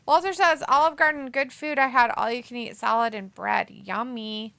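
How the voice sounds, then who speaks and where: A woman's voice: fairly high pitch, fairly even intonation, moderate pace, gravelly, pushed and bright, clear, resonant tone, dry recording. A woman co-hosting a wrestling watch-along, chatting casually and reading viewer comments aloud. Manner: chatty, reads chat messages aloud.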